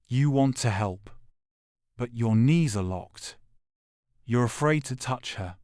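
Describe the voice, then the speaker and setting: A man narrating a dark audio drama in a grave, measured voice. He speaks very slowly in short, clipped phrases. His voice sits at an ordinary pitch, close and dry with no room sound. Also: no echo. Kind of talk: scripted second-person audio drama narration.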